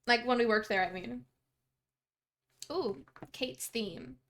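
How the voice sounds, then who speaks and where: A woman's voice: a little high, takes it slowly, a bit bright, slight background noise. A young woman from Canada, a streamer chatting casually with her viewers while she plays, bubbly and giggly as she reads out their messages. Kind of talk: casual live-stream chat.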